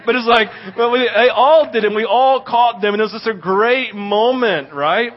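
A man preaching a sermon as a pastor, telling stories in an animated way and often asking "right?". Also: very high-pitched, moderate pace, lo-fi sound. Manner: animated storytelling with frequent "right?".

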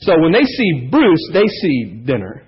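Lively, husky-voiced man preaching a sermon. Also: a little high, measured pace. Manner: animated, joking storyteller. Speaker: pastor. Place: church service. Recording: dull lo-fi sermon audio.

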